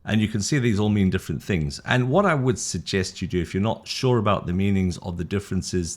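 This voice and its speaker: A middle-aged man with a British accent and a low, deep voice teaches an English lesson as if to a single student. He is enthusiastic and rambling, stumbles over his words, and makes fun of his own slips. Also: darkish tone. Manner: rambling, gets tongue-tied, self-deprecating. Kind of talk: casual one-to-one style English lesson.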